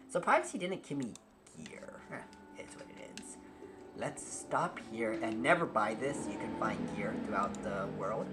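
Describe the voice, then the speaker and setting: A man's voice: medium pitch, big pitch swings, a little slow. A man casually narrating a game playthrough with joking asides, over game music. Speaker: gaming video host. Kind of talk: playthrough commentary. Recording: game music playing behind.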